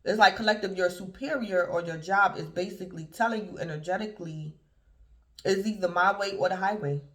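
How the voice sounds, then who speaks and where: A man's voice: high-pitched, brisk, fairly bright tone. A man giving a casual, rambling tarot reading to his viewers, addressing them again and again as "collective". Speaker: tarot reader. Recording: roomy echo.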